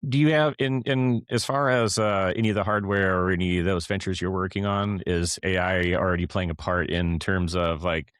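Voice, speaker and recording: A man's voice: sits low, steady tone, normal speed, few pauses, fairly bright tone, clear, resonant tone, no echo, studio quality. A man hosting an interview, asking long, hesitant, rambling questions. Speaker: podcast host.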